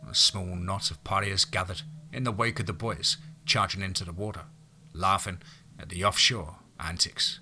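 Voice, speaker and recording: A man narrates an audiobook in a steady, measured telling. His voice sits low yet rings very bright and forward.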